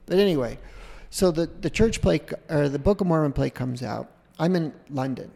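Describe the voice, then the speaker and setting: Gravelly middle-aged man telling a rambling story. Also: on the high side, normal speed, big-room sound. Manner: rambling, animated anecdote with self-interruptions. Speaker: podcast guest. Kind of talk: casual storytelling.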